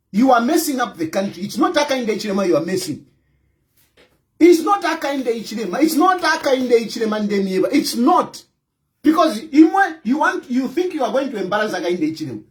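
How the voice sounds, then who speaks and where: Zambian guy ranting about politics, keeps repeating himself, voice swings all over. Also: extremely high pitch. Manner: emphatic, repeats points, scolding. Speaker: opposition party leader. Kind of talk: impassioned political commentary.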